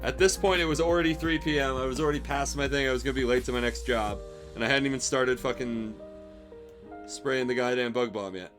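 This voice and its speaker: Over soft background music, a young streamer tells a rambling, swear-filled story about a lousy job in a wry, exasperated way. He speaks a little fast, in a steady, medium-pitched voice, keeping it casual.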